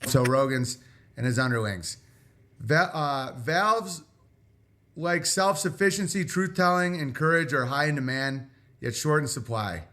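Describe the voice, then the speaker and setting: A man talking on a livestream, rambling and halting as he reads out viewer letters. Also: fairly high pitch, sharp tone. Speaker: streamer reading viewer letters. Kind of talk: livestream monologue.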